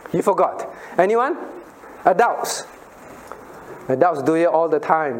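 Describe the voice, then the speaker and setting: A man's voice: a little high, lively intonation, measured pace, a little hiss or hum. A middle-aged man, a pastor giving a playful Bible lesson to children and asking them questions. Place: church room with children.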